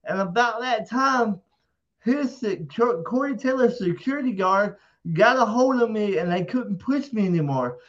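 A man telling a rowdy story in casual talk, animated and profane, acting out quotes loudly. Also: high-pitched, normal speed, highs cut off. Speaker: interview guest.

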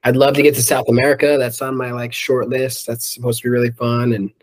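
A man with a mid-range, fairly flat voice talks fast. He's the singer in a rock band, chatting loosely in a casual interview, swearing freely and peppering his speech with "um" and "like."

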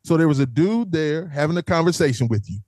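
Male host, high pitch, dry mic, animated storyteller who acts out every quote. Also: fast, no room sound. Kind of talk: casual storytelling chat.

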